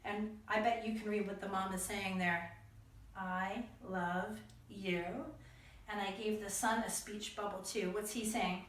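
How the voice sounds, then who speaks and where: A woman's voice: medium pitch, flat delivery, normal speed, roomy sound, recorded from a distance. A woman teaching young children to read, patient and encouraging, spelling out words letter by letter. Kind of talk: reading lesson for young children.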